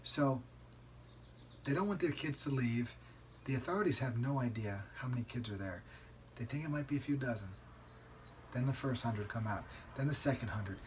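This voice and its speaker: A man hosting a solo podcast, telling a story in a conversational, emphatic way and often tagging a quick "right?" onto his sentences. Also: medium pitch, expressive, a little hiss or hum. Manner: conversational, keeps asking "right?"; emphatic, outraged. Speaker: podcast host.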